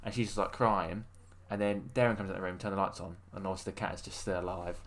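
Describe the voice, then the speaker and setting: A man's voice: sits low, little pitch movement, fast. A man co-hosting a podcast, telling long rambling stories in casual chat with many fillers. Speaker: podcast co-host.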